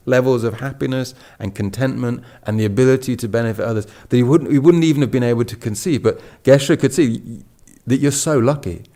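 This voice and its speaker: A man's voice: mid-range voice, a little mellow. A man gives a casual Buddhist talk. He wanders through a personal story, backtracking and restarting his sentences. Now and then he slips into quoted lines of dialogue. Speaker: Buddhist teacher giving a talk. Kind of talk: casual spoken dharma talk.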